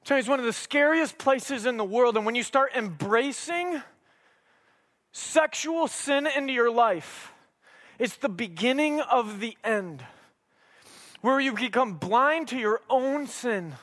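A male preacher delivering a sermon with a very high voice. He talks in an emphatic, conversational way and adds humorous asides. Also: lively intonation, takes it slowly, a bit bright.

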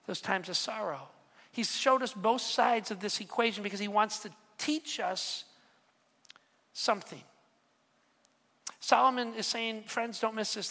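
A pastor preaching a lively sermon, firing questions at the congregation and slipping in joking asides. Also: mid-range voice, gravelly. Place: church sanctuary. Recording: long reverb of a large hall.

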